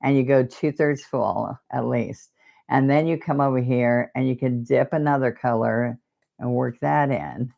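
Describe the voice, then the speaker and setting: A woman with a rumbling low voice and vocal fry teaches a live painting lesson at an unhurried pace, and the audio sounds dull. She's chatty and drifts off topic while demonstrating each brushstroke.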